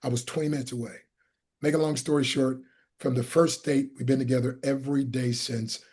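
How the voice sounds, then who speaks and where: Husky-voiced animated storyteller man. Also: a little fast. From Pennsylvania. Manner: animated, acts out quoted people with big pitch jumps. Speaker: guest, motivational speaker and evangelist. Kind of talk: storytelling in an interview.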